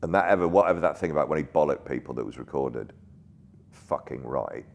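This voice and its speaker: Deep bloke telling stories on a podcast, swears a lot, animated. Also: male voice, a little fast, vocal fry. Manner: animated anecdote teller, swears casually. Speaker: guest. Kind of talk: casual storytelling in conversation.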